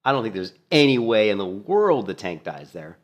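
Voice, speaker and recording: A man casually commentating on a gameplay clip, animated and mocking, laughing often. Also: on the low side, normal speed. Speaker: gaming streamer.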